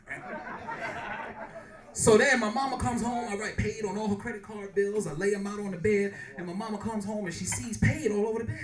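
Brash high-voiced stand-up comic. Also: male voice. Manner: loud, brash, animated storytelling with crowd work. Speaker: stand-up comedian. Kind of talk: stand-up comedy set. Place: comedy club stage. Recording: echoey club, mic far, audience loud.

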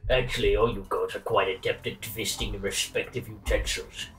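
A man's voice: lowish voice, steady tone, normal speed, a bit bright, distant mic, faint music behind, natural voice, rough recording. A man voicing a whiny, flirtatious male troll who fancies himself a greaser poet, overwrought and self-pitying. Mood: wounded. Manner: overwrought, self-pitying, swears between lines.

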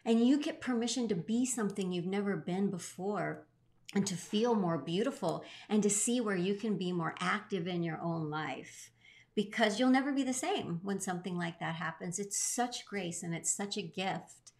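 Mid-range and darkish in tone, this co-host's voice moves at a moderate pace as she earnestly tells an emotional personal story. She's middle-aged, and her voice swings as the feelings come through.

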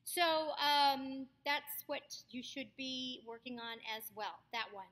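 A woman voice coach teaching a diction lesson, crisply over-articulating tongue twisters and projecting loudly on the demonstrations. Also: sits high, takes it slowly. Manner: projects loudly on demonstrations, speaks softly between them. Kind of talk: voice workshop lesson.

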